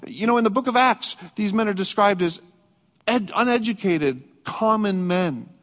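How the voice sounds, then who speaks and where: A man preaching a sermon as pastor, earnest, rising to emphatic peaks and dropping to soft reflective passages. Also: high-pitched, lively intonation, moderate pace. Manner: earnest, swings between raised emphatic and soft reflective delivery. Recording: long hall reverb.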